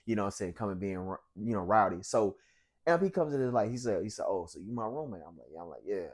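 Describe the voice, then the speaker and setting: A young man, an interview guest, telling a story in casual talk and acting out the people he quotes. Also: quick pace. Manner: animated, acts out quotes with big pitch jumps.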